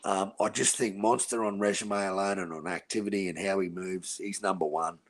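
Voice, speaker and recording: A blunt, profane man with an Australian accent holds forth in casual chat, tossing in "mate" every few words. His voice sits low and gravelly. A husky edge roughens his speech. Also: steady tone, normal speed. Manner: blunt, crude and profane, says "mate" a lot. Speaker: podcast host.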